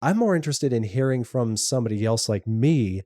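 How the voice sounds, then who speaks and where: A man's voice: medium pitch, animated, brisk, dark tone, dry recording, clean studio sound. A middle-aged man co-hosting a podcast, chatting casually and often restarting his sentences. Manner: trips over words, many restarts. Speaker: podcast co-host and editor. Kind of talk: casual chat.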